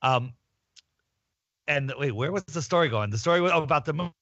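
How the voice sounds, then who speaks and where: A man's voice: a little high, animated, fairly quick, fairly bright tone, no echo, muffled recording. A man telling rambling stories in a casual chat, often restarting his sentences. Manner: rambling storyteller, many restarts.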